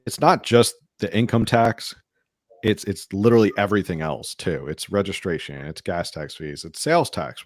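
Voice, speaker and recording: A man's voice: low-pitched, darkish tone, dry recording, clean studio sound. A man co-hosting a casual political podcast, talking in a rambling way with many restarts and fillers. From California. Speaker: podcast co-host.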